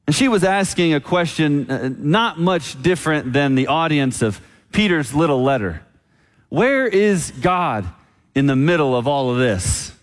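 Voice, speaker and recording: A man preaching a sermon as pastor, telling a story and slowing down on key lines. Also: a little high, expressive. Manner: storytelling, slows down for emphasis. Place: church sanctuary. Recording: long church reverb.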